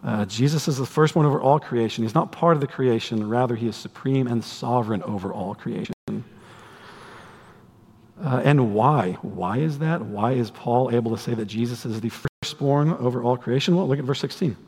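A man preaching a sermon to a congregation, conversational and animated, with humorous asides. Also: medium pitch, normal speed, breathy edge. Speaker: pastor. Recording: long hall reverb.

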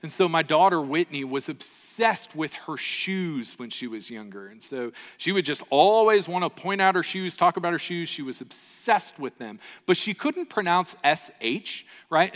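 Pastor guy preaching, kinda high bright voice, lots of "right?", big echoey church hall. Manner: earnest, storytelling with rhetorical "right?" checks. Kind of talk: sermon. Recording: long reverb of a large hall.

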